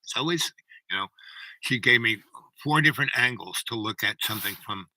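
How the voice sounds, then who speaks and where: Rambling man telling a story, bright voice. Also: mid-range voice, expressive, a little fast, no room sound, low-quality recording. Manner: rambling, full of asides and "you know, right?".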